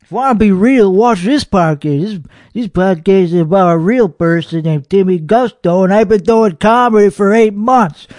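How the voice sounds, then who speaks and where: A man's voice: sits high, moderate pace, a little mellow, no room sound, lightly acted. A man playing a hot-headed, boastful comedian who hosts a podcast, ranting with heavy profanity and rambling, belligerent talk. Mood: mocking. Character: hot-headed, foul-mouthed, boastful male comedian host. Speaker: podcast host. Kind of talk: comedic character monologue.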